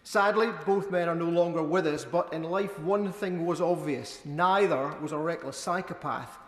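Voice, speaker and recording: A man giving a measured, wry speech in a parliamentary debate. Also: on the high side, fairly bright tone. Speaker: member of parliament. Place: debating chamber. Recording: echoey chamber, long reverb.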